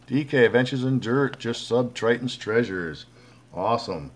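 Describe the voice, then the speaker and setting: Animated and moderately paced, this livestream host has a mid-range voice. He chats loosely with viewers, greets them by name and calls them bud, reading comments aloud as he rambles with plenty of fillers and restarts.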